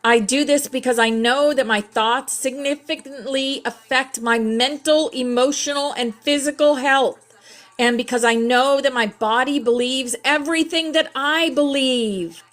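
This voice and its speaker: A woman hosting a spiritual class who sounds hoarse and scratchy, talking in a lively way and saying affirmations aloud. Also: high voice, unhurried. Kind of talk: casual livestream class, reading affirmation cards.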